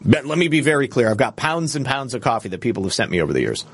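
A man's voice: medium pitch, sing-song, very fast, a bit bright, breathy edge. A man hosting a live stream, chatting casually, rambling, and answering viewers' comments. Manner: rambling, conversational, reads chat comments aloud. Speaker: show host.

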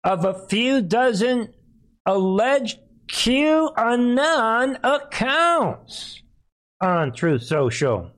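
A man hosting a political commentary show, talking emphatically with rhetorical asides and sharp rises in pitch. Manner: emphatic, rhetorical questions, animated pitch swings. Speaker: show host.

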